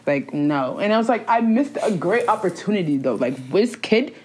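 A woman in her twenties in a casual chat, animated and playful, laughing often and using a lot of slang. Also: mid-range voice, moderate pace. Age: 20s.

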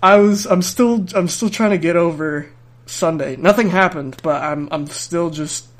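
A man's voice: a little high, moderate pace. Young man telling a rambling story. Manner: rambling, restarts often, laughs through his story. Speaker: podcast host. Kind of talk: casual storytelling.

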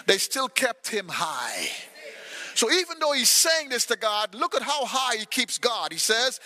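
A male pastor preaching a sermon with passion, swinging between loud shouted cries and quiet low asides. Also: sing-song, unhurried, long reverb tail. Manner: impassioned preaching, shouts scripture lines. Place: church sanctuary.

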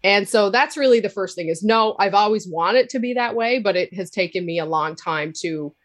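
A woman with a Cape Breton accent, a podcaster talking candidly as an interview guest, with a loud laugh. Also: medium pitch, moderate pace. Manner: candid, laughs loudly, swears freely. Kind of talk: casual interview talk.

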